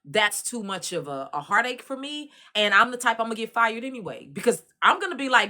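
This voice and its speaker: A woman from Dallas with a Texas accent, giving casual commentary and telling animated stories in colloquial Southern speech. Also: a little high, fast talker, hardly any pauses. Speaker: commentary host.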